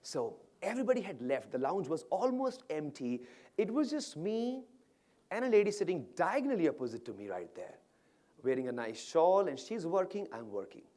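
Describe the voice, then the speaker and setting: A man's voice: on the high side, sing-song, normal speed, warm tone. A man giving a motivational keynote on stage, telling a story dramatically and pulling the audience in with questions. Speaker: motivational speaker. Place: stage at an awards event.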